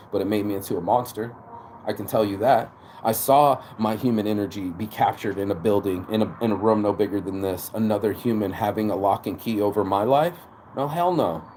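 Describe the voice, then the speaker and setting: A man giving a casual, animated motivational talk, preachy and peppered with swearing. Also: fairly low pitch, slight background noise. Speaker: motivational vlogger.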